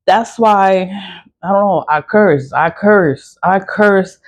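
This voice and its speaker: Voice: medium pitch, slow pace, lo-fi sound. Blunt, cursing spiritual vlogger. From the Bronx, New York. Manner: blunt, profane, repetitive venting. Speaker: spiritual practitioner and seller. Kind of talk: casual vlog monologue while doing a candle ritual.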